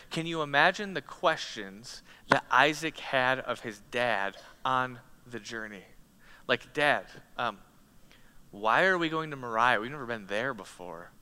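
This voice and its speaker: Bright-voiced preacher in a reverberant hall. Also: male voice, medium pitch. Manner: dramatic storytelling, swings from loud to hushed. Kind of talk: sermon.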